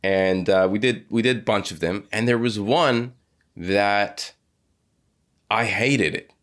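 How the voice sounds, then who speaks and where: A man hosting a podcast interview, talking in a halting way with many restarts and repeated words. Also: fairly low pitch, fairly bright tone. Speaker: podcast host. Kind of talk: casual interview chat.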